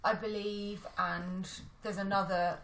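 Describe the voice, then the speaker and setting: Bright woman in echoey room. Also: medium pitch, level tone, slow pace, vocal fry. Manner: chatty, self-deprecating, thinks aloud. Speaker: podcast co-host. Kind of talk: casual film chat.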